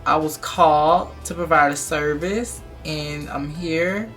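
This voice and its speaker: A woman's voice: deep voice, takes it slowly. A young woman vlogger tells her story bluntly and with plenty of feeling. She talks straight to her viewers, with faint music playing behind her. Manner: animated, blunt, emphatic storytelling. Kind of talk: storytime vlog.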